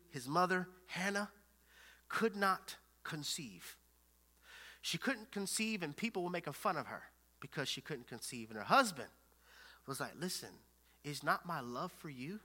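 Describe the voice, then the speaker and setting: Dynamic preacher, whispers to shouts. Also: male voice, medium pitch. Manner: dramatic swings from hushed whispers to loud shouting; retells scripture with lively acted-out dialogue. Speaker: pastor. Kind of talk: sermon.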